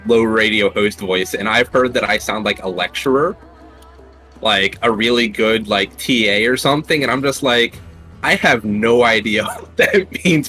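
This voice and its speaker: A man from Ohio leading a game raid over voice chat, giving clear instructions and laughing easily. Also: on the low side, bright, forceful tone, rough recording. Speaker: raid leader. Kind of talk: gaming voice chat.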